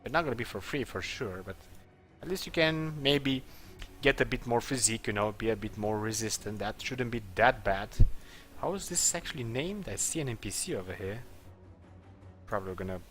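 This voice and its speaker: A man's voice: fairly low pitch, animated, normal speed, fairly bright tone, soft background music. A man giving casual let's-play commentary, thinking aloud and chuckling as he plays. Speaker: gameplay commentator.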